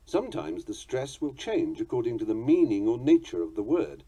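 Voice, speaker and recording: A man's voice: mid-range voice, very animated, moderate pace, few pauses, dark tone, slightly rough. A man with a British English accent reading a book on poetry aloud, dry, precise and wry. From England.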